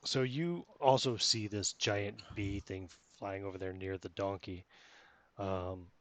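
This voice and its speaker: A man with a low, dry-sounding voice runs a tabletop session, narrating loosely and filling pauses with ums as he thinks aloud. the sound is close and without room echo. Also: fairly even intonation, fairly bright tone. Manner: rambling, many fillers. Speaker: game master. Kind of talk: casual narration of a tabletop game.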